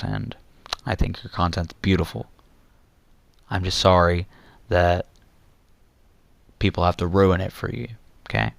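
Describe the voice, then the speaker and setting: A young man rants at his audience in an angry, repetitive way, swinging between insults and apologies. His lowish voice is smooth and clear, and he talks slowly. The sound is dry and close. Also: no echo. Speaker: youtuber ranting to viewers. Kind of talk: angry rant vlog.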